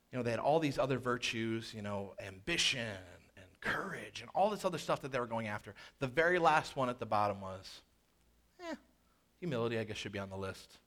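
A man preaching a sermon in an animated way, with jokey asides and quoted voices that he acts out. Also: medium pitch. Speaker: pastor.

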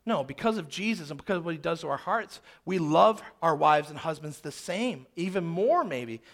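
A man's voice: a little high, animated, moderate pace, a bit bright. Emphatic preacher, a man in his thirties. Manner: emphatic, repeats phrases for rhythm. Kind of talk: sermon storytelling.

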